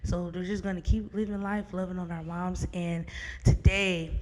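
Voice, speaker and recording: A young woman hosting a podcast, chatting warmly with her mother and laughing often. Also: lowish voice, flat delivery, normal speed. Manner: warm, laughs often, talks to listeners as "y'all". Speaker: podcast host. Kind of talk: casual chat. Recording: roomy reverb.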